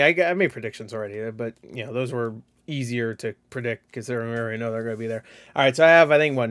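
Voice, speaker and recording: A man's voice: mid-range voice, fairly bright tone. A young man hosting a casual solo video of gaming predictions, rambling loosely with many fillers and casual swearing. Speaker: gaming channel host.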